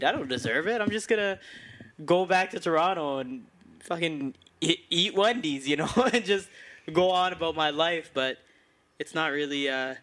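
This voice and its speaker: A man's voice: a little high, pushed and bright. A man hosting a podcast, laid-back and agreeable in casual chat, recounting a trip. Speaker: podcast host.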